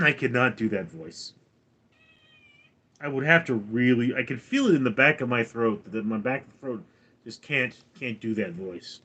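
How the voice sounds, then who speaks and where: A man live-streaming from home, reading chat comments and answering in a dry, deadpan way. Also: medium pitch, normal speed, slightly rough.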